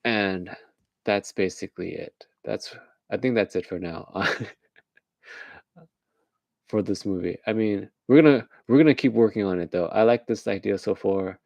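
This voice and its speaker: A man talks through a late-night casual rant, rambling from one idea to the next and laughing at his own jokes. His voice sits low and gravelly, with a mellow, dark tone. The sound is dry and close, with no room around it. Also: normal speed, long pauses, no room sound. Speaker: host.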